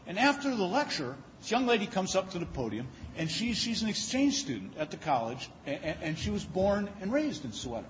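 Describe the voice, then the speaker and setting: A man spins humorous stories from the podium, his pitch swinging up and down, and he often stammers and restarts a phrase. The recording is dull and lo-fi, and his voice rings with the long reverb of a big hall. A faint hiss sits underneath. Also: brisk, few pauses. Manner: humorous, animated anecdotes with frequent stammered restarts. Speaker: speaker giving a lecture. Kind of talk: storytelling speech.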